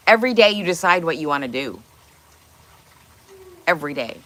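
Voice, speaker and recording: A woman livestreams casually from her home kitchen, blunt and opinionated, swearing and firing off rhetorical questions. Her voice is deep and a bit bright, with lively intonation, a normal speed, and frequent pauses.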